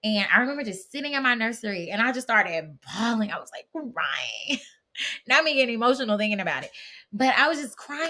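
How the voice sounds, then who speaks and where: A woman telling her own story as a podcast guest, chatty and animated, with lots of fillers and restarts. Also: on the high side, brisk. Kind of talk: casual conversational storytelling.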